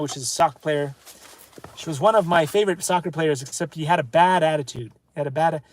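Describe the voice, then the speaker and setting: A man hosting a casual book review, talking in a digressive, self-interrupting way with offhand asides and reading some phrases slowly. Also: fairly high pitch. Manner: reads French phrases slowly and deliberately. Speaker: channel host reviewing books. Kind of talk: casual rambling review monologue.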